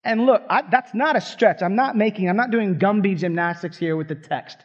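A man's voice: high-pitched, fairly quick, highs cut off. A man preaching a sermon in a fired-up, conversational way, full of asides to the congregation. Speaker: pastor.

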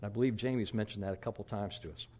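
A man's voice: on the low side, fairly even intonation, rapid-fire, darkish tone. A middle-aged man preaching a sermon as pastor, telling stories in a candid, self-deprecating, conversational way.

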